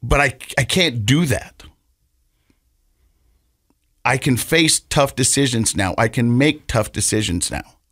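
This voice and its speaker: The man co-hosting this podcast has a medium-pitched, fairly bright voice and speaks slowly with long pauses. His personal story meanders through restarts, repeated words and laughter before turning earnest and reflective. Clean studio sound, no room sound.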